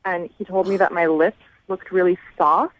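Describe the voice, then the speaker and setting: A woman's voice: on the low side, steady tone, moderate pace, a little hiss or hum. Giggly young woman caller over a muffled line. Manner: valley-girl filler, giggly, lots of "like". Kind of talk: casual phone call.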